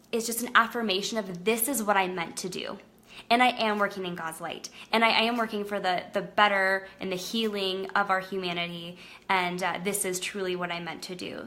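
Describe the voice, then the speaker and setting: Her voice is mid-range with a sharp tone: a young woman talking about her psychic business on a relaxed Facebook Live. She's earnest and chatty, leaning heavily on "like" and "um."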